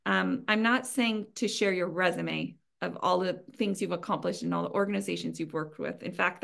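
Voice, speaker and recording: A woman's voice: fairly low pitch, gravelly. A woman presenting at an online training session, giving practical advice in an earnest, conversational way with frequent ums and small laughs. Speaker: webinar presenter.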